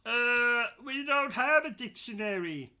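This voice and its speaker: A man's voice: very high voice, animated, takes it slowly, pushed and bright, full character voice. A man voicing a meek, dim-witted male manservant who talks in hesitant, puzzled bursts. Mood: timid.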